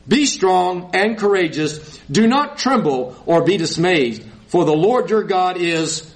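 Reading from scripture, a male preacher has the congregation repeat lines back to him and drops in folksy asides along the way. His high voice is expressive and slow, captured on poor audio.

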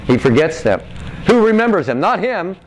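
A man's voice: high-pitched, big pitch swings, normal speed, slight background noise, poor audio. A man preaching a conversational sermon to a congregation, reading scripture and asking the room questions. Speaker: pastor.

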